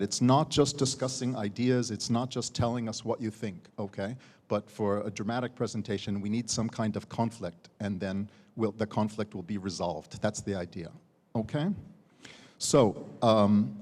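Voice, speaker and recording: With a lowish, slightly mellow voice, an American university teacher serving as a competition judge talks student contestants through his feedback. Phrases end with a checking "okay?", words get repeated, and the recording carries long hall reverb.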